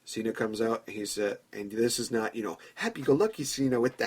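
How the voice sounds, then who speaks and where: A man's voice: medium pitch, fast, few pauses, husky. A man hosting a podcast, telling a long story in a chatty way and acting out imagined dialogue. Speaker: podcast host. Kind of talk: casual fantasy-booking commentary.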